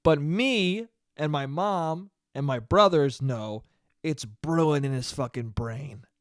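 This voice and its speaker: A young man hosting a solo podcast, telling stories in a casual, profane, animated way. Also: fairly high pitch, takes it slowly, no room sound, clean studio sound. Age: young adult. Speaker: podcast host.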